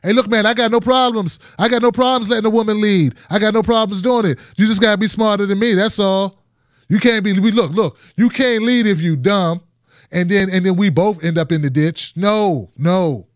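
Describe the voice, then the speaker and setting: A man with a high voice hosts a political commentary show, speaking casually and emphatically to viewers at a moderate pace. He often repeats and restarts phrases, and the studio sound is clean with no echo.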